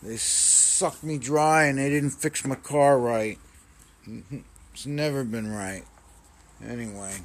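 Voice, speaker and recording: A man casually rambling in a home vlog, cooing softly at his cats. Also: mid-range voice, slow pace. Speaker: vlogger. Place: home indoors.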